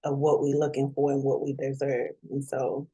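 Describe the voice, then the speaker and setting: A woman's voice: very deep voice, flat delivery, moderate pace, dark tone, slightly rough, lo-fi sound. A middle-aged woman being interviewed, heartfelt and close to tears with gratitude. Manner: tearful, grateful, heartfelt. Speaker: interview guest. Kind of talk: emotional interview.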